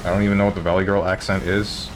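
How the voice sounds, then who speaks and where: A man's voice: deep voice, level tone, rapid-fire, a little hiss or hum. A man streaming a video game, chatting and joking with his viewers. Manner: joking, banter with chat. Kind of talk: casual chat while playing a video game.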